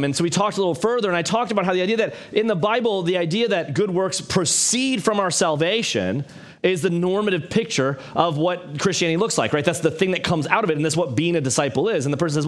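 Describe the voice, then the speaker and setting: A man preaching a sermon in a church, his voice pitched a little high. He talks in a casual, conversational way, rises and drops a lot as he makes his points, and drops in jokes at his own and the congregation's expense. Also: fast talker. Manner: conversational, animated, self-deprecating humor. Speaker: pastor.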